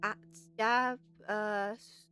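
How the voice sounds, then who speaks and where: A woman's voice: mid-range voice, extremely slow, faint music behind. A young woman playing a game for the first time, reacting with shrieks and mumbling as she tries to make sense of it. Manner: excitable, shrieking reactions, mumbling while puzzling. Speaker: game streamer. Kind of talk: let's play commentary.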